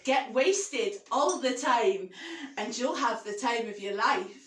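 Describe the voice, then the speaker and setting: A woman putting on a Scottish accent to recite a short poem slowly and deliberately. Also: fairly high pitch, lively intonation. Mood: mock-solemn. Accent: put-on Scottish. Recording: roomy, distant, slightly noisy stream.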